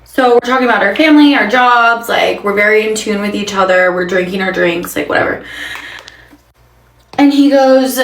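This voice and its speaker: A young woman casually telling a dating story in an exasperated, animated way, full of fillers. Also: medium pitch, normal speed, roomy sound.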